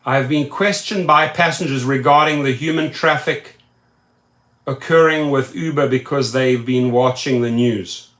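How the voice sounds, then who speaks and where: A man's voice: mid-range voice, unhurried, fairly bright tone, roomy sound. A man hosting a rideshare live stream, reading viewer comments aloud and repeating words for emphasis. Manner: emphatic, repetitive chanting of words. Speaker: rideshare YouTube host.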